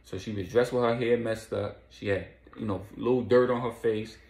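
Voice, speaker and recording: A man recaps a crime saga in a relaxed, slangy storyteller's voice. His low, gravelly tone carries through an echoey room, and he snaps into quick quoted lines between stretches of narration. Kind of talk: casual spoken recap.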